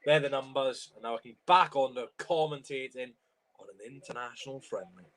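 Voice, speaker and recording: A young Welsh man with a medium-pitched, brisk voice does live commentary and chats while watching a football stream at home. He's chatty, reacts loudly to chances and chants along to songs, all with a tickly cough and a sore throat.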